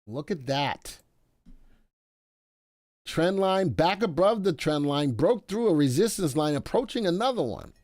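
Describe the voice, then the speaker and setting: A man's voice: fairly high pitch, animated, unhurried, pauses often, darkish tone, no echo. Male live-stream stock host, joking and easygoing, dry sound. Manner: chatty and playful, talks to viewers by name.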